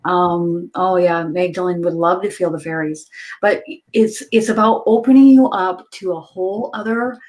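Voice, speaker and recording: A woman's voice: fairly low pitch, normal speed, a little mellow. A woman medium hosting a casual spiritual chat, enthusiastic and laughing often. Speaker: medium and host.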